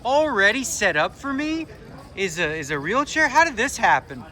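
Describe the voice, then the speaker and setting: A man's voice: high-pitched, sing-song, normal speed, pushed and bright, rough recording. A man chatting casually to his viewers in an upbeat vlog while playing poker. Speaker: poker player and vlogger. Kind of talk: casual vlog chat to camera.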